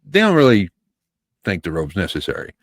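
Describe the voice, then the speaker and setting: Very deep-voiced man chatting. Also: huge pitch swings, a little fast, no echo. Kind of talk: casual chat.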